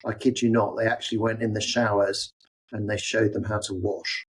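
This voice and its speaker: A man's voice: fairly low pitch, flat delivery, moderate pace, breathy edge, poor audio. A man co-hosting a medical podcast, talking in a wry, meandering way and correcting himself as he goes. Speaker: podcast co-host.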